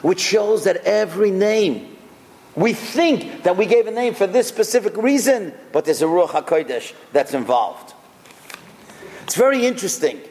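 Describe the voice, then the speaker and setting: A man, a rabbi, giving a sermon full of stories, told in an animated, expressive way. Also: sits high, moderate pace. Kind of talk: sermon with storytelling. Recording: long hall reverb.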